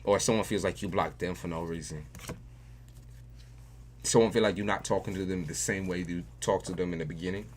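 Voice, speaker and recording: A man's voice: low voice, steady tone, brisk, pauses often, slight background noise. A man giving a tarot reading on a livestream, talking casually and profanely, often repeating phrases for emphasis. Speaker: tarot reader.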